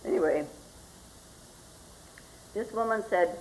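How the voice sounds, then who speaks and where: An older woman, a Zen teacher, giving a slow, reflective spoken talk and often asking "hmm?" as she goes. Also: mid-range voice, sing-song, low-quality recording. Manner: slow and reflective, with frequent questioning "hmm?" asides.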